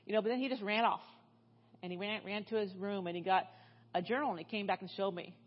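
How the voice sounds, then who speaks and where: A middle-aged woman preaching in church, telling stories in a loose, chatty way with frequent restarts. Her voice sits at a middling pitch, and the recording sounds a little dull. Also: quick pace. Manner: chatty, with many restarts and fillers. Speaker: guest speaker. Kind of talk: storytelling sermon.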